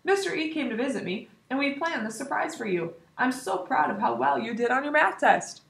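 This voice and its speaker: A woman voicing a kind, patient schoolteacher who explains things gently to her class. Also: high voice, expressive, fairly quick, creaky, recorded from a distance, pitched above the performer's own voice, exaggerated voice. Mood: kindly. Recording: roomy echo.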